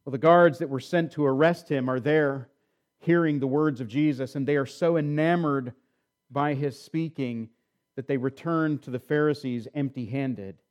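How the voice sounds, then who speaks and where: A man's voice: medium pitch, normal speed. A man preaching a sermon, retelling a scripture story and then reading the passage aloud with rising and falling emphasis. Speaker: pastor.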